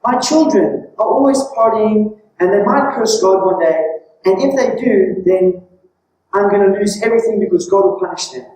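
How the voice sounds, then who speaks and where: A woman's voice: medium pitch, moderate pace, dark tone, voice pushed down, close to an everyday voice. Woman doing a fretting anxious man. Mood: worried. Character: anxious man fretting in his own head. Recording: very echoey room, distant mic.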